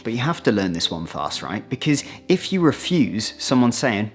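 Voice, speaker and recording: A man's voice: mid-range voice, moderate pace, hardly any pauses, soft background music. Chatty British man vlogging. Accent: British English. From Britain. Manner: chatty, animated, acts out little quoted exchanges. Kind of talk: casual explainer vlog. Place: outdoors, then moving inside.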